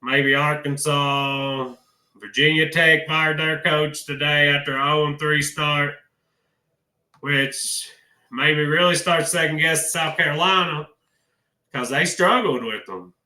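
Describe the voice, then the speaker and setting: A man with a drawl rants about college football in a folksy, emotional way, calling his viewers "y'all". His voice is fairly high and very bright and sharp. The sound is echoey, like a hard-walled room. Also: fairly even intonation, a little slow. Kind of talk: casual sports vlog.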